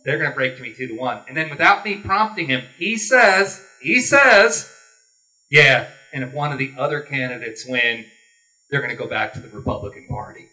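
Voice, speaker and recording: A man's voice: medium pitch, a little fast, bright, forceful tone. A man running for governor, giving a folksy, earnest closing statement at a candidates forum. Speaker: political candidate. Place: meeting hall forum. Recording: distant room mic.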